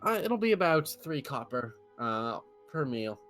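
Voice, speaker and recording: A man's voice: mid-range voice, sing-song, unhurried, fairly bright tone, faint music behind. A man doing a folksy portly innkeeper. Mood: easygoing. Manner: folksy, casual, hedging with "eh". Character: portly friendly male innkeeper, easygoing. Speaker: tavern keeper.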